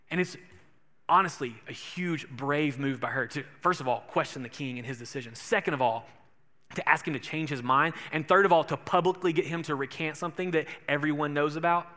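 A man preaching in a casual, animated storytelling style, acting out the characters. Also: a little high. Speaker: pastor. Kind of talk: sermon storytelling.

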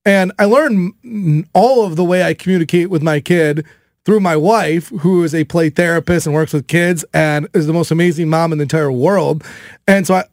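A man in his thirties hosting a radio show, telling a story loudly and animatedly in casual chat. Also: on the high side, a little fast, no room sound, clean studio sound. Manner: animated storytelling, loud and excitable.

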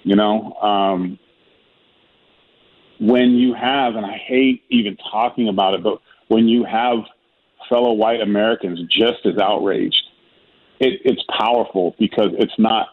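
A man with a husky voice, speaking as a guest in a talk discussion, emphatic and earnest. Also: lowish voice, steady tone, unhurried. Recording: tinny phone line.

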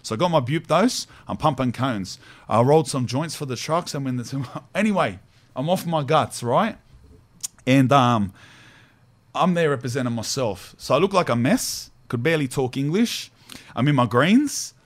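Australian male host, casual storyteller, slangy and animated, mid-range voice. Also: mid-range voice, normal speed. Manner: animated, slangy, laughs while telling stories. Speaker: podcast host.

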